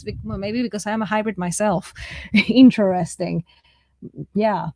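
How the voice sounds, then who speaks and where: Hosting a writing write-in livestream, a woman speaks at normal speed in a medium-pitched, dark-toned voice, pausing often. With a mixed, shifting accent, she casually runs herself down, laughs a lot, and reads viewers' comments aloud; there's no room sound.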